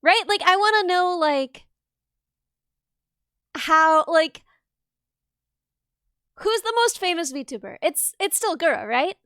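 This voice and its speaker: A woman streamer chatting casually on a livestream, bubbly and excitable, quick to laugh. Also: very high-pitched, no room sound, clean studio sound.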